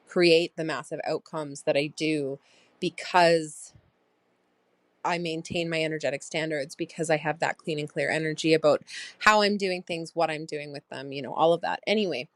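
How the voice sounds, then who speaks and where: Low-voiced lady rambling thru her day on her podcast, lots of ums, dead dry sound. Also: fairly even intonation, moderate pace, no echo. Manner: reflective, rambling, many fillers. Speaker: podcast host. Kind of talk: personal diary podcast.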